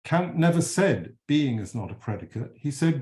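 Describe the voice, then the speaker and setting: A middle-aged man delivers an academic philosophy lecture in a mellow, relaxed tone. He speaks in a measured way, pressing hard on key points and often correcting himself mid-sentence with small fillers. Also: mid-range voice. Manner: measured, emphatic, with frequent fillers and self-corrections.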